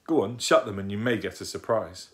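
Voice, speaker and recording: A man's voice: fairly low pitch, fairly quick, close to an everyday voice. A man reading aloud and voicing a chatty, bossy little girl who explains things eagerly. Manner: eager, explaining, matter-of-fact.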